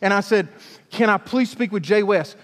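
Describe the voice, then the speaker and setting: A man's voice: sits high, moderate pace, fairly bright tone, in a large hall. A man from Alabama, a youth pastor telling a chatty story in a sermon, with stumbling restarts.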